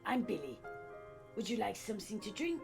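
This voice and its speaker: A man doing a timid, quiet housewife. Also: high voice, very animated, a little fast, creaky, over loud music, pitched above the performer's own voice, full character voice. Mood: nervous polite. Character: nervous, overly polite middle-aged housewife.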